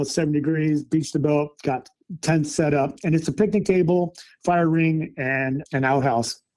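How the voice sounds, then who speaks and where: Man with a mellow, slightly high voice. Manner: animated, excited retelling with acted quotes. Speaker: storyteller recounting a camping encounter. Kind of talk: casual storytelling.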